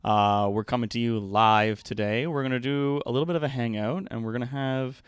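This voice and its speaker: Upbeat rambling man, smooth dry voice. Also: mid-range voice, fairly quick, no room sound. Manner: rambling, upbeat, lots of fillers. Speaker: live streamer, show host. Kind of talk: casual live-stream chat.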